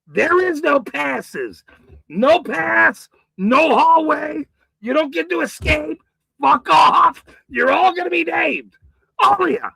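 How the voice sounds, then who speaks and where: A man hosting his own channel, delivering an angry, profane, boastful rant straight to camera with frequent shouting. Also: very high-pitched, lively intonation, slow pace, vocal fry, no room sound, low-quality recording. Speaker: channel host.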